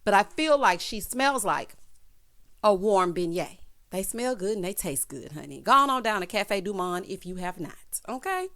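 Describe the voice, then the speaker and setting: Speaking at normal speed with a medium pitch, a thirtysomething woman gives a sassy, lively reality show recap. Words like "honey" and "child" keep popping up as she talks.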